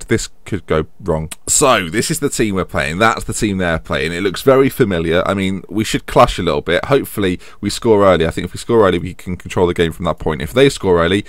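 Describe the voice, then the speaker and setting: A young man talks through a football management game in a casual, self-deprecating ramble, often scolding himself by name. His voice sits on the low side. The recording is close and dry. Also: dry recording. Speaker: game commentator. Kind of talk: casual let's-play commentary.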